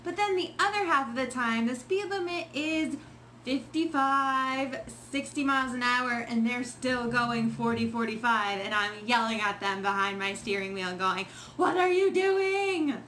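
A woman vlogger talking casually to the camera in a chatty, expressive way, acting out her own reactions as she explains an idea. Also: fairly high pitch, normal speed, a little hiss or hum. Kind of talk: casual vlog monologue.

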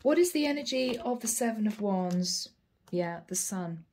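A woman giving a channeled tarot reading, earnest and emotional, with frequent soft exclamations. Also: mid-range voice, lively intonation, moderate pace, slight background noise. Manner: earnest, repetitive spiritual phrasing. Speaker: tarot reader.

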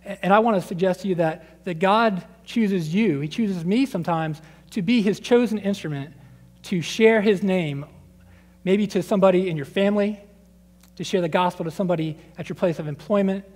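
A man in his thirties preaching a sermon, conversational and animated, acting out scripture quotes and his children's voices. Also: high-pitched. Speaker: pastor. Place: church sanctuary. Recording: long reverb of a church sanctuary.

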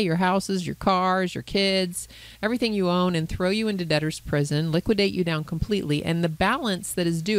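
A woman, a Christian counselor co-hosting a podcast, retelling a Bible parable in a lively storytelling way. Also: fairly low pitch, no echo, low-quality recording. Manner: animated storyteller who voices characters. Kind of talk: conversational Bible teaching.

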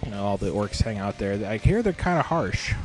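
A man's voice: on the low side, big pitch swings, brisk, faint music behind. A man giving casual, profane and joking commentary on a game replay, rambling between asides.

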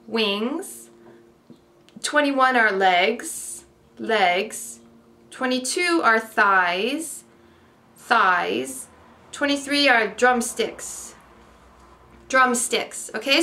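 Slow, bright-voiced woman teaching vocabulary. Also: a little high. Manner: repeats each word, checks with "okay?", chatty asides. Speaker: ESL teacher.

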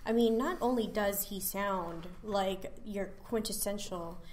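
A woman on a comics podcast panel, enthusiastic and quick to laugh. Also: medium pitch, darkish tone, slight background noise. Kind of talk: casual podcast chat about comics.

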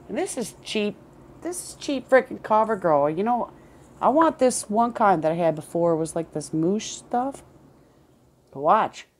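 A woman's voice: medium pitch, darkish tone. A woman recording a candid personal vlog at home, rambling, repeating words and swearing. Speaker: vlogger. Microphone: headphones with camera.

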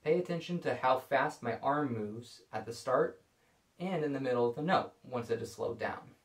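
A man calmly explaining violin bowing technique in a scripted video lesson. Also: mid-range voice, normal speed. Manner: calm, explanatory. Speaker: violin teacher. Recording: echoey room.

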